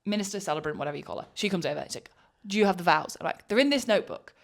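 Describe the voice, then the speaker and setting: A woman's voice: on the low side, very fast, creaky. A woman co-hosting a podcast, telling a story with lots of energy and acting out the people in it. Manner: animated storyteller, acts out quoted people. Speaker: podcast co-host. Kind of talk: casual chat.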